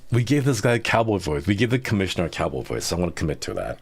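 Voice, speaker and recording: A man streaming a story game live, chatting excitedly with his viewers and reacting to the plot. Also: low voice, racing, breathy edge, no echo. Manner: excitable and chatty, talks to chat while reading game lines.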